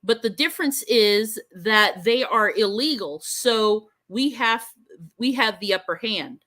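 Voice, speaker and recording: Easygoing female co-host, higher-pitched, teasing, reading chat comments. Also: lively intonation, a little slow, sharp tone. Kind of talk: casual livestream chat.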